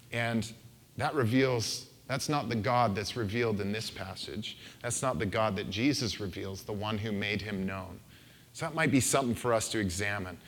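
A male pastor gives a sermon into a handheld microphone. His delivery is casual and talky, and he slips into quoted voices to make his points. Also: mid-range voice. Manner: conversational and playful, acts out quoted voices.

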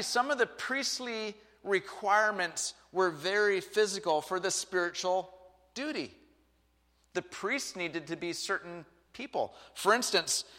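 A man's voice: high voice, pushed and bright. A male pastor preaching a conversational sermon with joking asides, then interviewing a guest. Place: church sanctuary. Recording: reverberant hall.

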